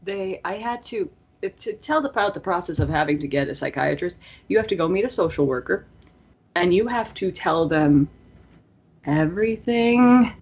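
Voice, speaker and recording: A young woman in her early twenties with a hoarse, strained voice, co-hosting a podcast and telling a long, rambling story with lots of fillers. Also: fairly low pitch, expressive, moderate pace, lo-fi sound. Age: early 20s. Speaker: podcast co-host. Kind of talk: casual podcast chat.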